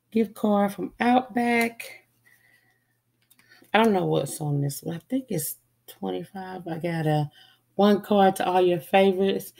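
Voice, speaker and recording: A middle-aged woman with a notably low voice, chatting in an unhurried, rambling way. She sounds stuffy from a cold and fills her pauses with ums as she walks through her holiday gifts. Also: creaky, a little mellow. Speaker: vlogger. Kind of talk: casual holiday haul chat.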